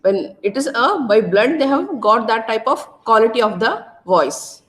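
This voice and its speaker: A woman lecturer with an Indian English accent from Karnataka, giving a loud, repetitive classroom lecture full of tag questions. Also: on the high side, expressive, normal speed. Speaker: college lecturer.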